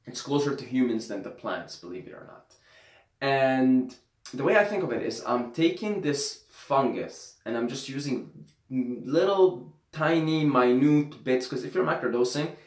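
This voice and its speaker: A man talking casually and emphatically to his viewers, repeating phrases and swearing freely. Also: mid-range voice. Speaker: vlogger. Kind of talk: casual monologue to camera. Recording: roomy echo.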